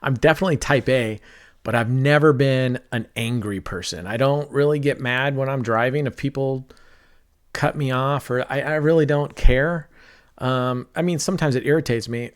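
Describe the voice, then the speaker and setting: Smooth-voiced talkative middle-aged man. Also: mid-range voice. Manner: talkative, rambling, self-described mellow. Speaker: roulette streamer. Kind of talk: casual commentary while playing online roulette.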